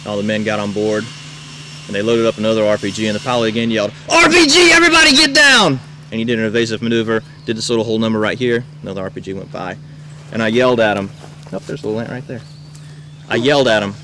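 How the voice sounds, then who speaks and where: A man, a camp counselor, telling campers a wild tall tale, shouting out the characters' lines. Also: lowish voice, very fast. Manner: animated, shouts quoted lines. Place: outdoors at a rural camp. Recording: noisy outdoor camcorder recording.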